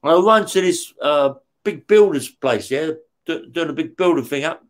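A man telling stories as an interview guest, blunt and rough-spoken, swearing heavily and tagging his lines with "yeah?". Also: on the high side, animated, moderate pace. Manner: heavy swearing, frequent "yeah?" tag questions. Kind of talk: casual storytelling.

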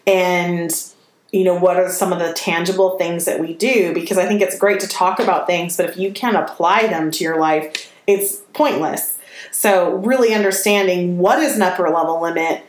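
A woman's voice: fairly low pitch, steady tone, normal speed. A woman co-hosting a podcast talks earnestly and at length, laughing easily. Her voice carries a roomy echo with a faint hiss of noise behind it. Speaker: podcast co-host. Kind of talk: casual conversational podcast chat.

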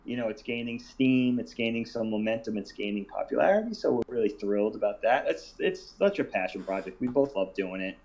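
A man in his forties, a podcast guest, talking in an animated, enthusiastic casual chat. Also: mid-range voice, brisk, hardly any pauses, poor audio.

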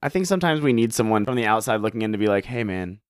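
Low smooth-voiced young man hosting. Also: racing, no echo, studio quality. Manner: relaxed, swears casually, acts out quotes. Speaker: podcast host. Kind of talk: casual interview chat.

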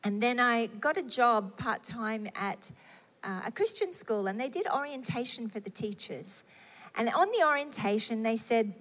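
A woman's voice: a little high, a bit bright. A middle-aged woman preaching a sermon, telling personal stories with earnest, acted-out inner dialogue.

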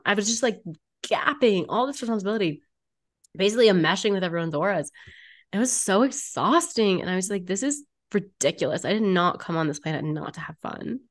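A woman's voice: mid-range voice, expressive, fairly quick. A woman talking as a podcast guest about energy work, blunt, playful and often swearing. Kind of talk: casual podcast conversation.

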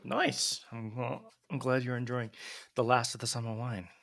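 A man's voice: mid-range voice, fairly even intonation, moderate pace, gravelly, a bit bright. A man from California co-hosting a podcast, telling chatty anecdotes in casual conversation. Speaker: podcast co-host. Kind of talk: casual chat.

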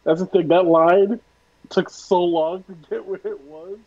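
High, gravelly, animated man. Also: a little slow, highs cut off. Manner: animated, joking. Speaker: podcast co-host. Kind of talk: casual chat.

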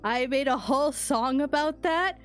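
A woman's voice: high voice, normal speed, soft background music. A woman playing a tabletop game, speaking hesitantly with stammers and small laughs. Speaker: player. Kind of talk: tabletop role-play banter.

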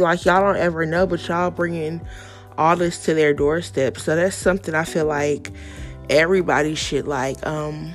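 A young adult woman hosting a solo podcast, talking candidly and profanely in a casual, animated way. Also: lowish voice. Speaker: podcast host.

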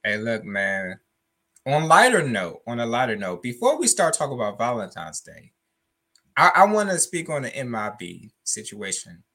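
A man's voice: mid-range voice, wildly swooping pitch, normal speed, bright, forceful tone. A man co-hosting a casual chat, easygoing, laughing and acting out other people's lines. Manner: easygoing, laughs often, acts out quoted people. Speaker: podcast co-host.

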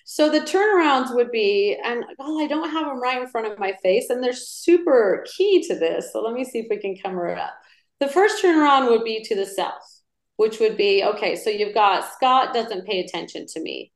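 Middle-aged female guest, animated and chatty, slightly high voice, roomy echo. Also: moderate pace, hardly any pauses. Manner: animated storyteller. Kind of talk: casual podcast chat.

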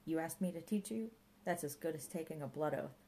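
A woman's voice: low voice, fairly quick, warm tone, slight background noise, rough recording. A woman reading an audiobook and voicing a grandiloquent, pompous middle-aged male park ranger who fancies himself a martial arts mentor. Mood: bossy. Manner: grandiloquent, theatrical. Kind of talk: audiobook character voice.

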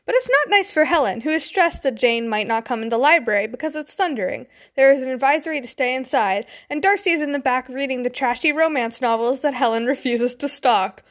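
A woman's voice: high-pitched, lively intonation, brisk, few pauses. A young woman casually reading a story aloud, breaking off into giggly, swearing asides. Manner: giggly, swears, chatty tangents. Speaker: fanfiction reader.

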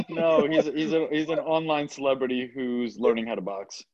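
Relaxed man in casual podcast chat. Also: medium pitch, normal speed, dull audio, a crowd in the background. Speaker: podcast co-host.

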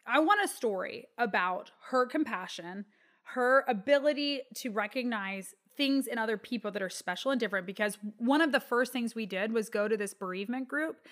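A woman in her thirties with a Texan accent, talking earnestly and from the heart as a guest on an interview. Her voice sits a little high, and her story moves along with plenty of "you know" and "like.". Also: fairly bright tone. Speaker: guest, children's book author. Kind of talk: conversational interview.

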